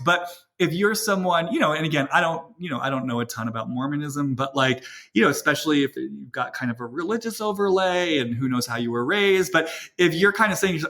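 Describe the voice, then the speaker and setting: A man's voice: a little high, lively intonation, brisk, few pauses, sharp tone. A man hosting a podcast, thinking aloud in casual chat, with many "like" and "you know" as he works out his ideas. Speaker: podcast host.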